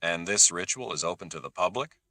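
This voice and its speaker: A man's voice: sits low, lively intonation, fairly quick, no room sound, exaggerated voice. A man doing a terse guarded doctor. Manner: terse, quiet.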